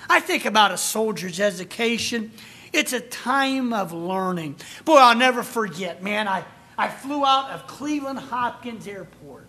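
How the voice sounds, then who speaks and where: Folksy preacher in an echoey church. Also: male voice, high-pitched, lively intonation, unhurried, sharp tone, distant mic. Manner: folksy storytelling with frequent asides. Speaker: pastor. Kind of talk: sermon. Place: church sanctuary.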